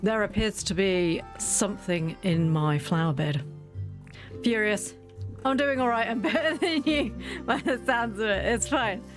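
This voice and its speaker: A woman's voice: mid-range voice, measured pace. Sick woman streamer chatting while gaming. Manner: chatty, self-deprecating, laughs often, greets chat by name. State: sick, coughing and sore-voiced. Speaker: game streamer. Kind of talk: casual live-stream chat while playing. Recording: faint background game music.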